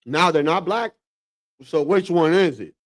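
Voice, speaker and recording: A man hosting a livestream in casual, slangy reaction commentary, calling everyone "bro" and getting animated. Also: fairly high pitch, measured pace, no echo, studio quality. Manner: animated, drops into mock voices of relatives. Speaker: livestream host.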